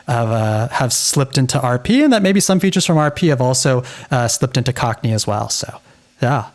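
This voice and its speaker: A man's voice: medium pitch, animated, moderate pace. An American man co-hosting a linguistics podcast, chatting enthusiastically and agreeably, often repeating words as he starts a thought. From United States. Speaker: podcast co-host. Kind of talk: casual conversational discussion.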